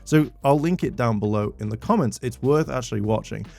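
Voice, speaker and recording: This commentary YouTuber speaks fairly quickly in a mid-range, creaky voice with a darkish tone. His rant to viewers is exasperated and indignant, with swearing whenever he gets worked up.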